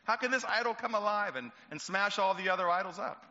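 A man voicing an angry old father who makes idols, shouting in high-pitched outrage. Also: fast. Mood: scolding. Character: angry old idol-maker father, frantic. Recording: echoey hall, dull lo-fi sound.

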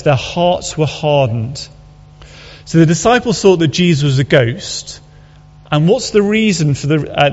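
A man preaching a sermon, earnest and conversational, asking his listeners rhetorical questions. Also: a little high. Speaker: pastor. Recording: dull audio with long hall reverb.

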